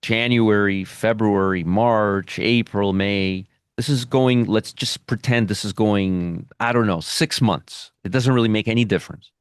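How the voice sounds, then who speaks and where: A man's voice: lowish voice, measured pace, few pauses, smooth, no room sound, studio quality. A man teaching a trading lesson at a whiteboard, emphatic, repeating phrases and checking in with "okay?". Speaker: trading educator.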